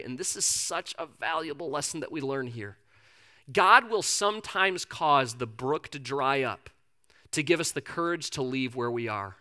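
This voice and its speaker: A male pastor with a fairly high-pitched voice preaches a sermon, telling stories in a conversational, animated way.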